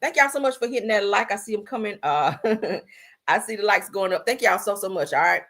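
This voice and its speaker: A woman's voice: medium pitch, lively intonation, fairly quick, gravelly, fairly bright tone. A woman hosting a live stream, giving blunt, sassy gossip commentary and calling her viewers "honey" and "girl.".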